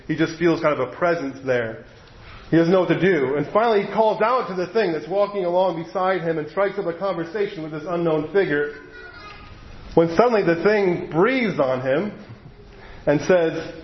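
Chatty pastor, echoey room. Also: male voice, a little high. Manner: conversational storytelling with self-corrections. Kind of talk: sermon. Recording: echoey, slightly muffled room.

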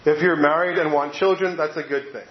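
A man's voice: fairly high pitch, steady tone, brisk. A man giving a sermon in a conversational way, reading passages aloud and sometimes repeating words as he goes. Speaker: preacher. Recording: echoey room, slightly dull sound.

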